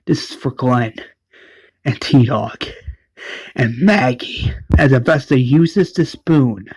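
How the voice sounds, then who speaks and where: A man's voice: medium pitch, slow pace, a little mellow, husky, dry recording, poor audio. A man casually recapping an episode, relaying each character's lines with "is like" and often restarting his sentences. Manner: retells scenes with "is like" quotes and frequent restarts.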